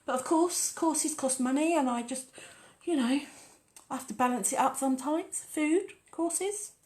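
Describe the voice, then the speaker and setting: A woman's voice: high-pitched, a little slow, darkish tone. A woman hosting a casual nail-art tutorial, chatting and rambling as she works on the nails. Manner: chatty, rambling, talks while working.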